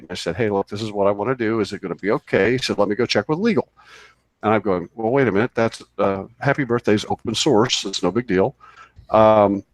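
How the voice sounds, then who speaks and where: A man's voice: fairly low pitch, no room sound. A man co-hosting a radio show, telling a long story in a casual, rambling way, full of fillers and restarts. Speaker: co-host. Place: radio studio.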